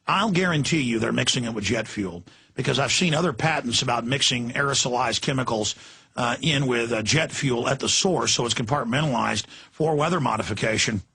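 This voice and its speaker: A man hosts a talk radio show and rants with fierce passion, lurching from shouting to urgent near-whispers. His voice sits at medium pitch and moves briskly, with a creaky, breathy edge.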